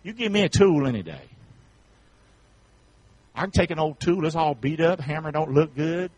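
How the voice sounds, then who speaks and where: High, lively preacher man. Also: normal speed, breathy edge, dry recording. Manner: call-and-response preaching, rising to repeated shouted questions. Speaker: pastor. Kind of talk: sermon.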